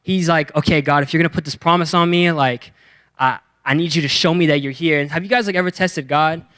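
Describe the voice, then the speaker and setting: A young man giving a youth sermon, energetic and playful, acting out the characters in his stories with slang. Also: on the high side, a little fast, clear, resonant tone. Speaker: youth pastor.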